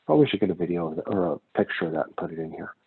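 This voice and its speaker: A man lectures on economics in a loose, conversational way and often wanders into stories from his own travels. His voice is husky. The recording sounds thin and phone-like. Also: deep voice, expressive, rapid-fire. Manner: casual, digressive, with personal anecdotes. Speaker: economics instructor.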